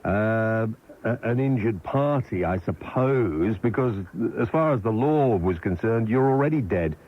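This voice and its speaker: A man hosting a late-night phone-in, blunt and wry, his pitch swinging widely as he talks. The sound is a dull, lo-fi radio recording. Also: lively intonation. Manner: blunt, wry, quick put-downs. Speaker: radio talk show host.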